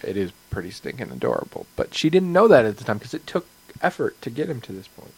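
A man's voice: medium pitch, huge pitch swings, quick pace, breathy edge, poor audio. A man co-hosting a casual podcast, rambling and joking with sighs and restarts. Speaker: podcast co-host.

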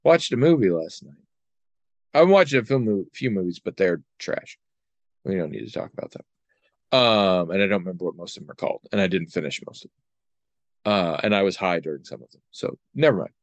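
A man's voice: low-pitched, animated, a little fast, no room sound, lo-fi sound. Dry-voiced man rambling wryly. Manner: rambling, wry, many fillers. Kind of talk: casual chat.

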